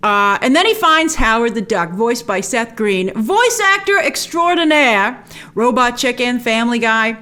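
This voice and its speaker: Woman host, slightly high voice, eager and chatty in a casual review, drops into quick character voices. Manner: excited, chatty, quotes characters with little voices. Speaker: show host. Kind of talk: casual episode breakdown and review.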